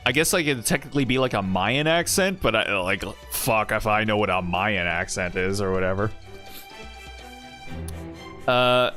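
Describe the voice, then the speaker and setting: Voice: medium pitch, pushed and bright. A game streamer chatting casually with viewers, rambling and trailing off with lots of fillers. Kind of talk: casual live-stream chat.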